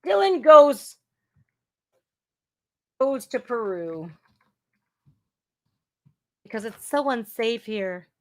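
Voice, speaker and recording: A woman hosting a casual news commentary podcast, blunt, crude and sarcastic, swinging between loud outbursts and muttering. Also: on the high side, very animated, drawn-out words, long pauses. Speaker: podcast host.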